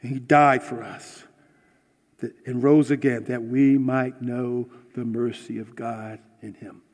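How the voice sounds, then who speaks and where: A man preaching a passionate sermon, swinging from hushed words to shouting, and ending in prayer. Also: medium pitch, flat delivery, takes it slowly. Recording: long hall reverb.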